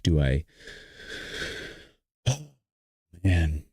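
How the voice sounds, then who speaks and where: A man hosting a live stream, choked up and tearful, talking in halting starts that trail off. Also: deep voice, darkish tone, no room sound, clean studio sound. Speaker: livestream host. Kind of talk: emotional live stream talk.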